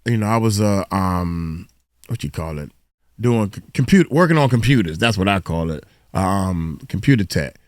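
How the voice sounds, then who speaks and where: An animated man gives casual reaction commentary, his pitch swinging widely as he lectures in a loose, colloquial style. The recording is dry and close, with no room sound. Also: moderate pace, no room sound. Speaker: host reacting to a video.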